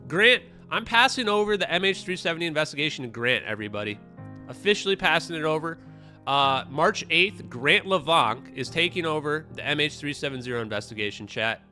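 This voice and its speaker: A man's voice: on the high side, expressive, brisk, sharp tone. A man hosting a livestream, ranting in a casual, profane, dismissive way and talking straight to his chat. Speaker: livestream host. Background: synthwave music.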